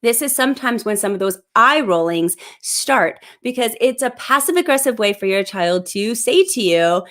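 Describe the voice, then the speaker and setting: Woman host, 30s, mid-pitched, live parenting advice, upbeat and clear. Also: lively intonation, moderate pace, hardly any pauses, fairly bright tone. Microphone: plug-in microphone.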